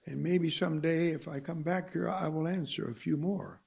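A man's voice: on the high side, fairly even intonation, normal speed, gravelly, a little mellow, husky. A man preaching a sermon to a congregation, emphatic and full of rhetorical questions.

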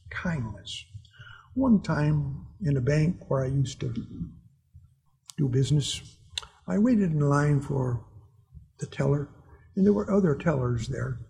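A man's voice: medium pitch, creaky, warm tone, breathy edge. A man preaching a sermon to his congregation, telling personal stories in an earnest way and chuckling at his own anecdotes.

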